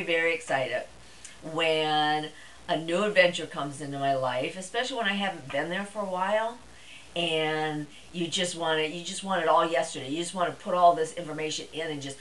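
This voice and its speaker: Middle-aged woman, low voice, bright and forceful tone, chatty casual vlog. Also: slight background noise, low-quality recording. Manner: chatty and rambling, with fillers. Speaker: vlogger. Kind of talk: casual monologue to camera.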